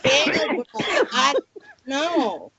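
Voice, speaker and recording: Slow-talking woman guest, laughing. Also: high voice, huge pitch swings, creaky, a crowd in the background, low-quality recording. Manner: laughing, storytelling. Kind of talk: casual chat.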